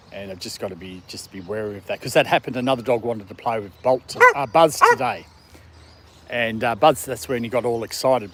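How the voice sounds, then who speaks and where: Laid-back Australian man, mid-range voice, chatting easily outdoors with faint background noise. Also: medium pitch. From Australia, country town. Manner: relaxed, rambling, chuckles often, coos at his dog. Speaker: dog livestream host. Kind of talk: casual outdoor livestream chat. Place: outdoors in a city park in the evening.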